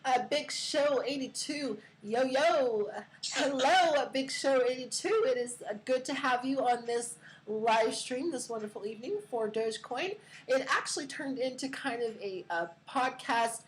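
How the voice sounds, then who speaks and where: Giggly high-voiced woman streamer. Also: a little hiss or hum, rough recording. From California. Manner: giggly, filler-heavy. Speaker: live stream host. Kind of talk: casual live stream chat.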